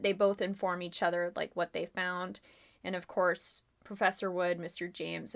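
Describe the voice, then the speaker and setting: A woman's voice: medium pitch, sharp tone. Giggly woman narrating a murder mystery. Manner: casual and giggly, many fillers. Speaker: game master. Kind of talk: live-streamed mystery narration.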